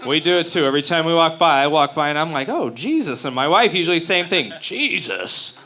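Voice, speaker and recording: A man's voice: on the high side, quick pace, bright, forceful tone. A man from Utah doing a profane, brash stand-up comedy set at an open mic. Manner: crude, profane, brash joking. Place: open mic stage before a live crowd.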